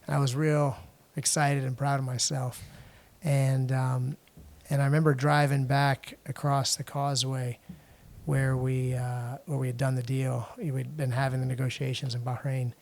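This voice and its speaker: A middle-aged man from the United States, a podcast guest telling a personal story in a halting way, with frequent restarts and fillers. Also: medium pitch, flat delivery, gravelly, a little mellow. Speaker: podcast guest, international lawyer.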